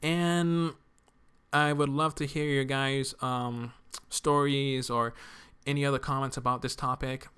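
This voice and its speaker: A man talking softly at home in a casual rambling monologue, halting with many fillers and stumbles. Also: mid-range voice, level tone, smooth. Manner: speaks softly to keep quiet at home. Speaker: art video creator. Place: apartment room at home.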